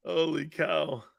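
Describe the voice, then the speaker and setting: A brash male sports talk host with a bright, high-pitched voice that swings up and down a lot. He takes his time, laughs often, swears casually and answers viewer comments. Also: gravelly, slightly rough. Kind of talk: casual sports radio chat.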